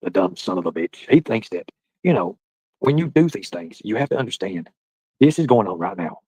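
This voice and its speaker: A husky, slightly low-voiced man hosts a casual livestream and rambles through profane banter with his viewers. He talks loud and loose, with a dry, close sound. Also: big pitch swings, normal speed, no room sound, rough recording. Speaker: livestream host.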